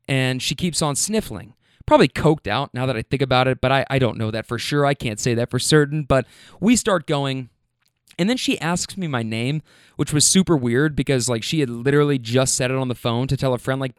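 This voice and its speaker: A man hosting a show, telling a comic story in a casual, animated, profane way with quick asides. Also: medium pitch, clear, resonant tone, no room sound, clean studio sound.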